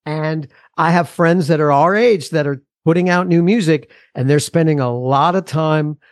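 A man's voice: fairly high pitch, normal speed, no room sound, studio quality. A man in his forties, a musician guest on a podcast, talking casually in a rambling, earnest way with frequent restarts.

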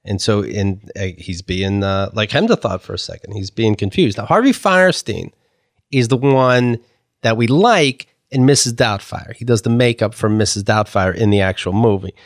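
A man's voice: lowish voice, moderate pace, dry recording, studio quality. A man co-hosting a casual talk show, telling rambling stories and slipping into imitations of people. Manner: rambling storyteller, mimics voices. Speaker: co-host. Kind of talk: casual podcast banter.

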